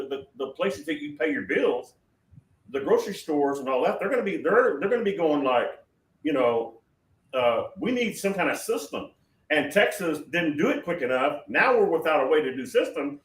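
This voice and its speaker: Man hosting a prophetic Q&A on a call, emphatic and rambling, roomy sound from far off the mic. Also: fairly high pitch. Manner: rambling, emphatic, many restarts. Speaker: prophetic show host. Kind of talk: prophetic question-and-answer talk.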